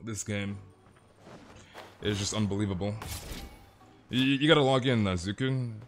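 A man's voice: fairly low pitch, moderate pace, soft background music. A young man streaming a game live, rambling casually with stammered restarts and slang while talking to his chat. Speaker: gaming livestreamer.

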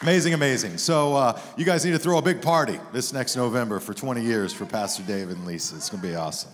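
A middle-aged man preaching a sermon as a guest pastor, with an animated, humorous storytelling manner. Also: mid-range voice, quick pace, some chatter behind. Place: church sanctuary. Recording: long hall reverb.

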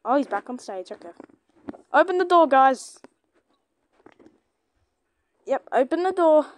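A woman giving excitable gameplay commentary, chatting to a companion and shouting at teammates. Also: high-pitched, unhurried. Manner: chatty, talks to a toy companion. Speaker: gamer.

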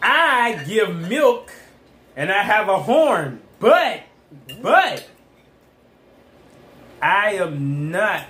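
Slow, drawn-out playful man. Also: high voice, sing-song, sharp tone. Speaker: mukbang host. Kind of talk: casual chat while eating. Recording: echoey room.

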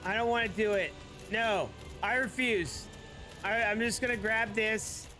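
A woman's voice: a little high, a little slow, sharp tone, soft background music. A woman giving casual commentary while playing a game, reacting aloud with emotion and apologizing. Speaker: gamer.

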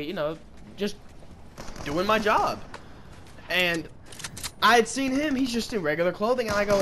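A man's voice: high voice, lively intonation, normal speed, pauses often, a little hiss or hum. A man in his twenties rambling and cursing while commenting on his gameplay. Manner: rambling, swears often, loud outbursts at the game. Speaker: gaming streamer.

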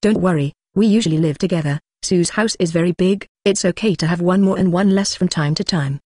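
Playful young spider heroine, read by a computer voice, flat even delivery, dry close sound. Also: medium pitch, fairly quick, no room sound, natural voice.

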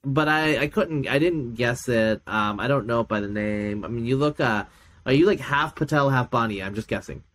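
A middle-aged man, a podcast guest and geneticist, chatting casually and telling stories, with many fillers and laughs. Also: normal speed. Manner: animated storyteller, acts out quoted people with big pitch jumps. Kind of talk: casual chat.

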